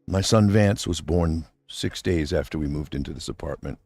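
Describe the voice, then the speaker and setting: A man's voice: rumbling low, normal speed, darkish tone, dry recording. A middle-aged man hosting an unscripted livestream. He rambles heartfelt and close to tears, and speaks straight to his absent wife. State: near tears. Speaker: livestream host. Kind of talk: unscripted emotional monologue.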